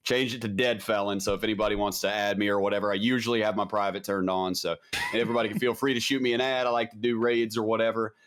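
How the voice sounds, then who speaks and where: A man's voice: lowish voice, little pitch movement, quick pace, a bit bright. A man speaking as a podcast guest, telling his story in a candid, blunt, casual way and often tossing in "man". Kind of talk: casual conversation.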